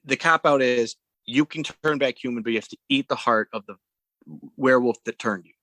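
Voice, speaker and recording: A man co-hosting a podcast, retelling a movie's plot in a rambling, animated way, often restarting his sentences. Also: medium pitch, fairly quick, poor audio. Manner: rambling retelling with acted-out quotes, frequent restarts. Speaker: podcast co-host. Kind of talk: casual movie recap chat.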